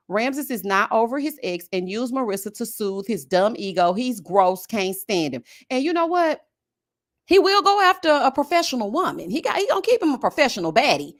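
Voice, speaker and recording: A woman with a fairly high voice hosts a casual live chat about reality TV. She is animated and sassy. Her pitch leaps around a lot as she talks straight to her viewers. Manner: animated, sassy, addresses viewers as y'all and honey.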